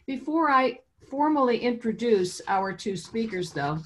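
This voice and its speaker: A woman's voice: fairly high pitch, lively intonation, unhurried. A woman who owns a bookstore, hosting and introducing poets at a reading held over video call, in a chatty, informal manner. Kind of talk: introducing a virtual poetry reading.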